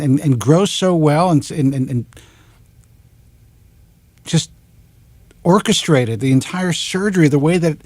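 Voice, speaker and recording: A man in his forties with a New York accent, hosting a talk show and ranting in an animated, exasperated monologue into a close studio mic. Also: a little high, no echo. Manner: animated, exasperated, swears in clipped letters.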